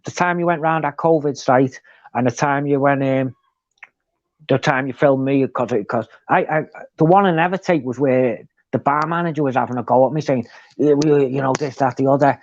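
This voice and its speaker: A man telling animated stories in a casual live chat. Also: mid-range voice, moderate pace, dry recording, muffled recording. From England. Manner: chatty, animated storytelling. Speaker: co-host.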